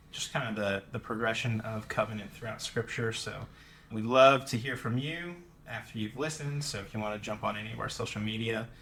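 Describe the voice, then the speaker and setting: A man's voice: mid-range voice, a bit bright, slight background noise. Upbeat man giving a podcast intro. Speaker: podcast co-host.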